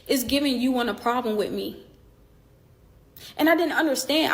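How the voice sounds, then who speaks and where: A woman telling a personal story in casual chat, animatedly acting out past conversations and speaking straight to her viewers. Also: a little high. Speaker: boxer telling her side of a falling-out.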